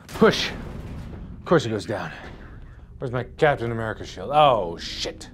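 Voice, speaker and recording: A man in his thirties doing chaotic VR game commentary on a headset mic, swinging between loud outbursts and sick, out-of-breath muttering. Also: on the high side, wildly swooping pitch, moderate pace. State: nauseous and out of breath. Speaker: gaming video host.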